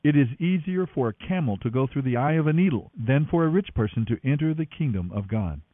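An earnest, measured male teacher, gentle yet firm, as a man reads him out with a lively rising and falling delivery. The sound is dry and narrow, like a phone line. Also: medium pitch, close to an everyday voice.

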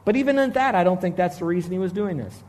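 A middle-aged man preaching a sermon as a pastor, animated, swinging between loud emphasis and hushed asides. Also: high voice, quick pace.

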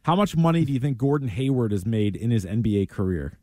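A man's voice: mid-range voice, big pitch swings, fast, darkish tone, dry recording. A man hosting a sports talk radio show, chatting casually and animatedly with lots of fillers.

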